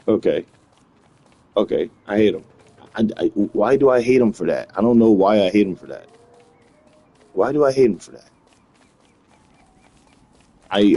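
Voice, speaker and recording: A man's voice: lowish voice, mellow. A man chatting casually while playing a video game, ranting in a repetitive, slangy way. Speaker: gaming video host.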